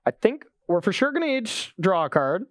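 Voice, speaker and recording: A man with a high, bouncy voice chats his way through a card game match, cracking jokes and laughing often. He is recorded close up and dry. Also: sing-song, moderate pace, dry recording. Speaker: card game player and show regular. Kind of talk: casual play-along chat.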